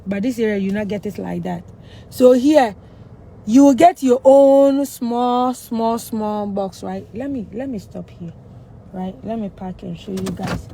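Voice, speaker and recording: A woman's voice: mid-range voice, a little slow, gravelly, dark tone, a little hiss or hum. A woman vlogging a walk through a new housing development outdoors. She explains things step by step and keeps checking in with her viewers. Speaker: vlogger giving a neighborhood tour. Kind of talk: casual explanatory walk-and-talk.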